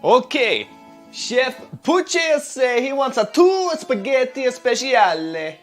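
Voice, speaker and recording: An actor with an Italian accent voicing a boisterous older restaurant owner in an animated film. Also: male voice, very high voice, slow pace, faint music behind, exaggerated voice. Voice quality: boisterous, theatrical.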